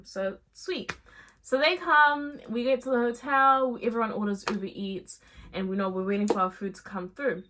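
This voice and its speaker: A woman's voice: on the high side, normal speed, a little hiss or hum. Chatty young woman telling a story. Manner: chatty, animated, slangy storytelling with bursts of laughter. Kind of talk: casual storytime chat.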